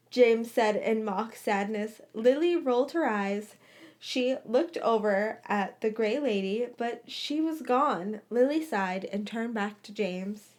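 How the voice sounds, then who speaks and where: A woman's voice: a little high, slow, darkish tone. A woman reading a fan fiction story aloud, sometimes stumbling and rereading phrases. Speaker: story reader.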